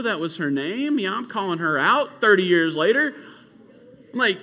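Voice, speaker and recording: A man preaching to a youth camp in an animated, casual storytelling way. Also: very high-pitched, moderate pace. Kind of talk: youth sermon.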